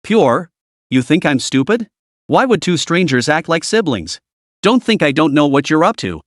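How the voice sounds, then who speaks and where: A jealous chief-executive wife who snaps and accuses with cold fury, as a man acts her out. The delivery swings widely in pitch and sits a bit high. It is a comic recap read close to the mic in a dry space. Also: big pitch swings, normal speed, no echo. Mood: angry, cold. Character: jealous furious woman, a company chief.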